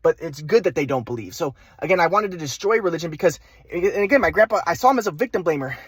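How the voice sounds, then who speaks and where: A young man telling his own story in a rambling, self-interrupting way, circling back and restarting often. His voice sits high and races along quickly. The recording is dry, with no room sound. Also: lively intonation, slightly rough, no room sound. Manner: rambling, many restarts and repeated words. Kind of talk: personal storytelling vlog.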